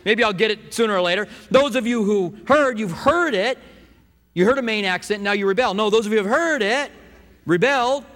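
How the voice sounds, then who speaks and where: A man's voice: high voice, fairly quick, fairly bright tone, long reverb tail. A man preaching a sermon in a church, earnest and conversational, often restarting his phrases. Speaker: pastor. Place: church sanctuary.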